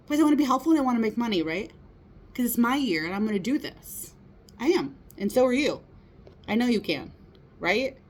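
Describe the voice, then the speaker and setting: A woman's voice: a little high, lively intonation, fairly quick, darkish tone. A woman in her thirties giving a casual motivational talk, earnest and encouraging, often checking in with her listeners. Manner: earnest, encouraging, many rhetorical "right?" asides. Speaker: motivational speaker.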